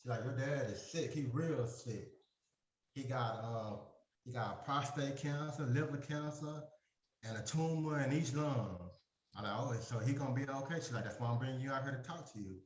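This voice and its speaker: A man's voice: medium pitch, normal speed, roomy sound, highs cut off. A man telling a long personal story in a support group, rambling, with lots of fillers, and acting out the conversations he recalls. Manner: rambling, filler-heavy, acts out the dialogue he retells. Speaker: group member sharing his story.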